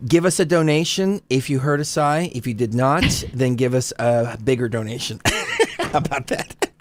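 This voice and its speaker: A man co-hosting a casual live stream, joking with chat, laughing often and reading a document aloud haltingly. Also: mid-range voice, no room sound. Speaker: livestream co-host.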